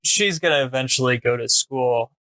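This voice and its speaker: Bright-voiced man with wry deadpan quips. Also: mid-range voice, normal speed, no room sound. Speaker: podcast co-host. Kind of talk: casual comedic chat.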